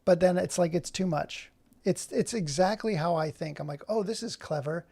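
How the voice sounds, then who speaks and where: Brief: male streamer, gravelly voice, rambling, keeps cutting himself off mid-thought. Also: high voice, normal speed, a little mellow. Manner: rambling, self-interrupting. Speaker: livestream host. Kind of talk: casual livestream chat.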